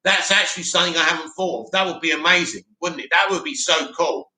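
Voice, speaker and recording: A man's voice: fairly high pitch, fast talker, sharp tone, roomy sound, poor audio. A man with a sore throat hosting a casual livestream, reading chat comments aloud and giving blunt opinions.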